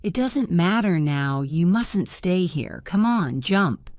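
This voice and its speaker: Woman reading a stern ship's doctor, firm, slow, lowish voice. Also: animated, darkish tone, no room sound, studio quality. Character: stern but caring ship's doctor, grown man.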